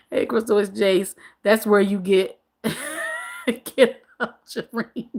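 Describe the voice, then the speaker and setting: A woman's voice: mid-range voice, steady tone, slow pace, a little mellow. A woman in her forties hosting a casual livestream, reading viewers' comments aloud, laughing often and repeating their names. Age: 40s. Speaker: livestream host.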